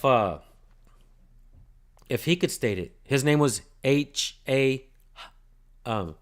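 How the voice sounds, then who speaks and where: Man, livestream host, casual storytelling, blunt, swears a lot, mid-pitched voice. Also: a bit bright. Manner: profane, blunt, thanks viewers by name. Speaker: channel host filming police.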